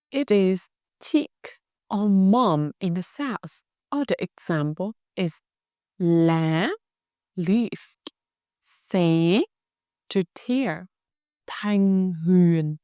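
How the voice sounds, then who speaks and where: A woman's voice: medium pitch, mellow, clean tone, dry recording, clean studio sound. A woman from Hanoi with a Vietnamese accent, teaching a scripted language lesson and carefully demonstrating tones.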